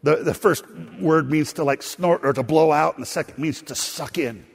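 A male pastor delivers a sermon, mixing stories with quick asides to his congregation. His voice sits a little high for a man. A long reverb from the church hall trails after his words. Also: gravelly, breathy edge. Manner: storytelling preacher, animated asides to the congregation. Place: church sanctuary.

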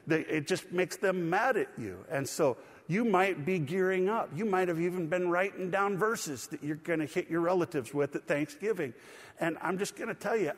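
Middle-aged pastor guy preaching, bit high-pitched, chatty and lively, echoey church hall. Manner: conversational, animated preaching with asides and laughs. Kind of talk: sermon.

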